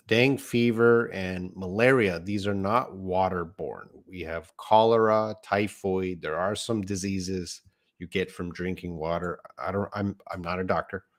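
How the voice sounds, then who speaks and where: A deep-voiced man teaches English live online, going slowly through each word. He sounds middle-aged and patient, and he stops to correct himself before moving on. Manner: patient, explains words step by step, corrects himself.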